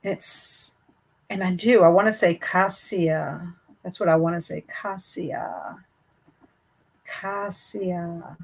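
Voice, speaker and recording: A woman hosts a booktube livestream, chatting casually and reading viewer comments aloud, with a hesitant, chatty manner full of fillers and restarts. Her voice is on the low side and a little mellow, with fairly even intonation at normal speed.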